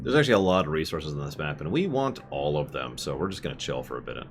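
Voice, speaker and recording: A man's voice: rumbling low, big pitch swings, fast, over music. A man streaming a game and chatting casually, wandering into side tangents as he plays. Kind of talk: casual gameplay commentary.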